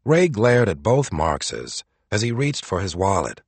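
A man narrating an audiobook in a dramatic, expressive way. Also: low voice, a little slow, vocal fry, breathy edge, no room sound.

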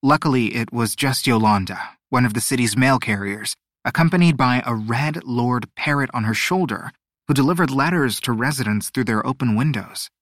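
A man narrating a storybook audiobook, expressive and measured. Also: mid-range voice, no echo, studio quality. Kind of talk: scripted narration.

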